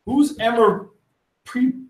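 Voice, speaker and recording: Hosting a laid-back live chat, this man answers viewer questions in a very high-pitched, darkish voice at a slow pace. He meanders, curses liberally, and frequently cuts himself off, with the room giving off an echo.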